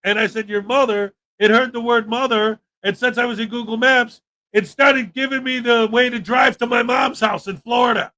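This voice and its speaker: A man's voice: very high-pitched, moderate pace, raised voice. A young man hosting a livestream, telling stories in a casual chat and acting out the quotes. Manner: animated storytelling, acts out quotes. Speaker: livestream host.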